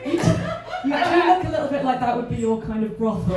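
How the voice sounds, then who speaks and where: A woman's voice: on the high side, animated, fast talker, loud music behind the voice, over a noisy crowd. A young English woman with a posh southern English accent doing a stand-up comedy set in a club, with a wry, self-deprecating delivery and dry asides. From England. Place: comedy club in front of a live audience. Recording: distant, echoey club recording with loud audience noise. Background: audience laughter.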